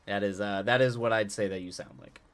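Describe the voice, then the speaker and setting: A man's voice: fairly low pitch, steady tone, clean tone. Chatty man rambling on a live stream. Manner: rambling, halting, with frequent restarts and chuckles; answers chat directly, playful. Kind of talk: casual stream chat and reading a story aloud.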